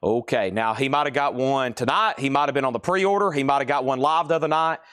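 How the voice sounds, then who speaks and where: A man hosting a live record sale, briskly calling out prices and buyers' names and repeating them like an auctioneer. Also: mid-range voice, a bit bright, clean tone, dry recording, studio quality.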